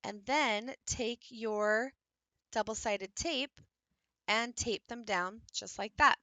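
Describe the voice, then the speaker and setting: Female teacher, crisp bright tone, dry close-mic sound, patient hands-on tutorial delivery. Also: fairly high pitch, slow, no room sound. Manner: patient step-by-step explaining, demonstrating while working. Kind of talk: instructional craft tutorial.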